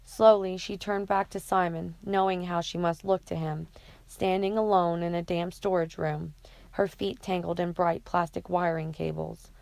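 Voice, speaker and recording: A woman narrating an audiobook chapter in a steady, even reading. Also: lowish voice, normal speed, creaky, no echo.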